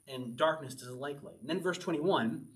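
A man's voice: fairly high pitch, recorded from a distance. Chatty man preaching a Bible study. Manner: conversational, laughs often, slows to read scripture aloud. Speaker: pastor. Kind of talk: sermon, verse-by-verse Bible teaching.

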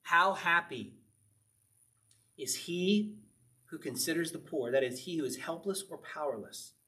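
Chatty pastor teaching the Psalms. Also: male voice, fairly high pitch, expressive, measured pace, pushed and bright. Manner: conversational, laughing often, reading scripture aloud. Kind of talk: informal Bible study teaching.

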